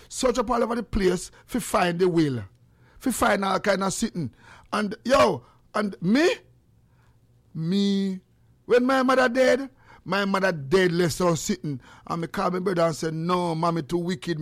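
A high-voiced, middle-aged Jamaican man hosts a call-in radio show. He preaches and exhorts his listeners, swinging from loud outbursts to hushed asides. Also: dry recording. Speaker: radio talk show host.

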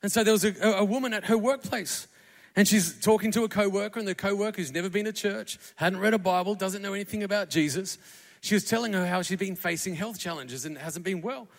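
A man's voice: sits high, fast talker. A man preaching a conversational sermon in a church, acting out the quotes as he tells the stories. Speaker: pastor. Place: church auditorium. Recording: long hall reverb.

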